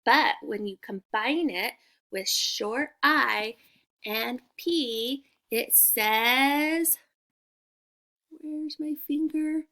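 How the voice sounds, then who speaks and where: A young woman teacher with a high voice leads a small reading group through phonics. She speaks slowly, stretches each letter sound and praises the children warmly. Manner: slow, exaggerated sounding out of letters, encouraging.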